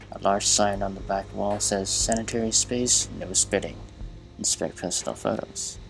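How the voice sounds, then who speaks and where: A man's voice: fairly low pitch, gravelly, poor audio. A man playing a game and reading its text aloud in a casual way, often stumbling and restarting words. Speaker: gamer.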